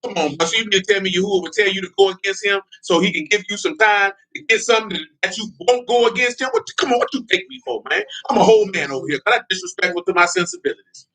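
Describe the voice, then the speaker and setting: A man preaching a fiery sermon with a high-set voice that hits hard and sharp. He talks blunt and confrontational street language, keeps asking his listeners if they follow him, and laughs between his points. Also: fast, few pauses. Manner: blunt, confrontational, repeats "you know what I'm talking about".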